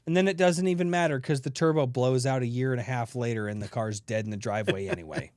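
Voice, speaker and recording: A man's voice: mid-range voice, steady tone, quick pace, a little mellow, no echo. A man in his thirties co-hosting a comedy podcast, telling rambling stories, swearing and acting out his own grumbling. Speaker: podcast co-host. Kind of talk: casual comedic storytelling.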